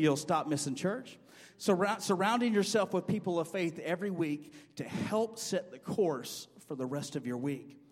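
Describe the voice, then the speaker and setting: A male pastor preaching a sermon, telling stories with rising excitement and repeating "amen" and "I guarantee you" to his congregation. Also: fairly high pitch. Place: church sanctuary. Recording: long church hall reverb.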